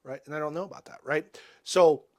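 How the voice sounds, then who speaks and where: A man in his forties, a podcast guest telling personal stories in an earnest, halting way, often restarting and dropping soft and quiet. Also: on the high side. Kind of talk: reflective personal storytelling.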